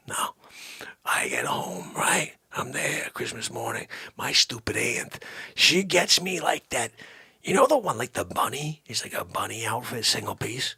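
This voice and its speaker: A man hosting a comedy show, telling a rambling comic story, lurching between loud outbursts and hushed asides in a raspy voice. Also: medium pitch, wildly swooping pitch, a little slow, no echo, studio quality. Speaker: comedy podcast host.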